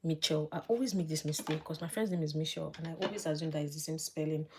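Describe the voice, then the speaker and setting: A woman vlogger chatting casually as she does her makeup live, thinking aloud and dropping to soft murmurs while she works. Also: sits low, fast talker, noisy background. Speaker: beauty vlogger.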